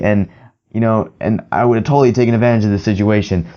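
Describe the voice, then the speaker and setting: A man's voice: lowish voice, animated, fast talker, mellow, muffled recording. A young man telling a story to his viewers in a rambling, profane way, full of filler words. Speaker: vlogger. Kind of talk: casual storytelling to camera.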